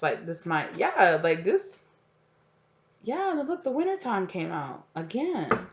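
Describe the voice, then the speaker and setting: Against a noisy background, a woman with a fairly low voice does a tarot reading at home, a cat nearby. She rambles chattily, leaning on filler words and frequent asides.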